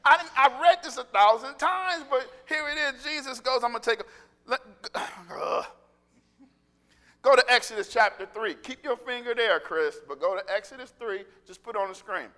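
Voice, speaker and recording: A man preaching a sermon in a large church hall, excitable and animated, tripping over his words as he builds up. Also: extremely high pitch. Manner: excitable, animated, with quick restarts and laughter. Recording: echoey hall with long reverb.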